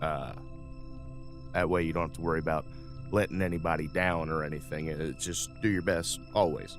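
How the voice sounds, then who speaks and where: A man's voice: very deep voice, steady tone, brisk, faint music behind, pitched below the performer's own voice. A man voicing a folksy, easygoing older male starship captain in a tabletop game. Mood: reassuring. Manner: folksy, drawling, uses ain't and y'all.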